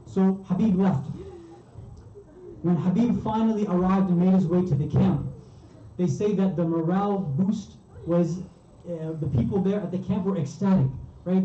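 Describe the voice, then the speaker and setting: A man's voice: high voice, warm tone. A man giving a sermon, narrating a story in a vivid, emotional way in a community religious hall. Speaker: speaker. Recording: roomy, distant, dull hall recording.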